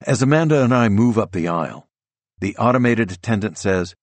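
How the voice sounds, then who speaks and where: A man narrating a first-person novel as an audiobook, measured and descriptive. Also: fairly low pitch, expressive, dry recording.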